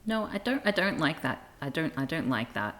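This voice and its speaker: A woman's voice: low voice, sing-song, normal speed, a bit bright. A woman streaming live, reading comics aloud with wry, amused, self-deprecating asides.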